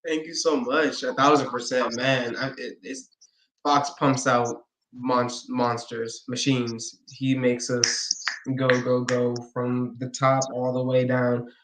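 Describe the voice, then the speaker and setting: A man's voice: mid-range voice, little pitch movement, slow, fairly bright tone, a little hiss or hum. A man being interviewed as a guest, talking enthusiastically and restarting his sentences often. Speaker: guest, pro wrestler. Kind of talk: casual interview chat. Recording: echoey room.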